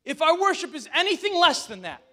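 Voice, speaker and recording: High-voiced pastor preaching a lively sermon. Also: male voice, a little fast. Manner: animated, addresses the congregation directly; conversational asides with restarts.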